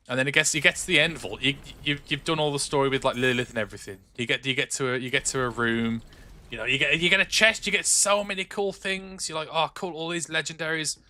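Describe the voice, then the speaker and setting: Chatty young English gaming streamer. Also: male voice, mid-range voice, sharp tone. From England, Black Country. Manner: rambling, chatty, frequent restarts and filler. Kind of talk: casual chat while streaming a game. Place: home room.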